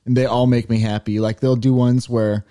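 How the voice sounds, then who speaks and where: A man's voice: medium pitch, level tone, normal speed, warm tone, no room sound, clean studio sound. A man co-hosting a podcast in casual chat, rambling through explanations with lots of fillers. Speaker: podcast co-host.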